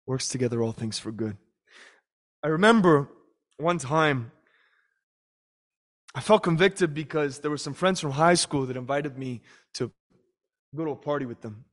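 A man's voice: a little high, a little slow, pauses often. A young man preaching a sermon, telling a personal story and acting out the voices of people in it. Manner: storytelling, acts out voices in prayers and quotes.

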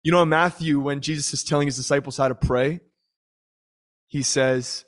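A man's voice: a little high, fairly even intonation, normal speed, pauses often. A young man preaching a sermon, telling a personal story and acting out the voices of people in it. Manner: storytelling, acts out voices in prayers and quotes.

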